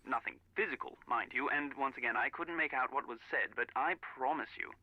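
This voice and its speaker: A man's voice: medium pitch, a little fast, dry recording. An actor playing a stiff, disdainful man speaking over a phone line in a mystery game. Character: prim, haughty middle-aged man on phone. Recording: muffled phone call in game.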